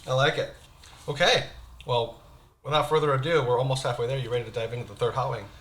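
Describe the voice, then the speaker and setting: A man's voice: mid-range voice, steady tone, fast, fairly bright tone. A man hosting a casual interview over spicy wings, chatty, laughing often and restarting his questions. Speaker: host, real estate agent. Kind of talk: casual hot-wing interview chat.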